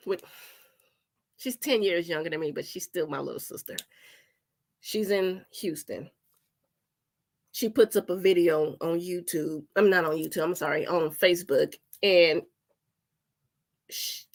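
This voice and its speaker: A woman host, talking emotionally in casual commentary, animated and repeating herself. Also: fairly low pitch. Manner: animated, repeats herself, apologizes, acts out relatives' voices.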